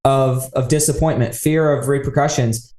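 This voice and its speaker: A man's voice: mid-range voice, fairly even intonation, normal speed, darkish tone. A man hosting a podcast in casual interview chat, reflecting on his guest's story and drawing lessons from it. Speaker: podcast host. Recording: roomy echo.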